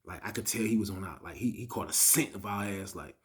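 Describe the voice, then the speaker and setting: A man casually telling a story to his viewers, in heavy slang, acting out what people said with loud bursts and sudden whispers. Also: lowish voice, fast talker, hardly any pauses. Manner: animated, acts out dialogue with loud bursts and whispers; slangy, frequent "you know what I mean". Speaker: storytime vlogger.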